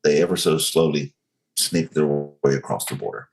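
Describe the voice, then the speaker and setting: A man's voice: extremely low pitch, lively intonation, normal speed, vocal fry, darkish tone, rough recording. A man talking earnestly as a podcast guest, building his point with analogies and many fillers. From United States. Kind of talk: casual podcast conversation.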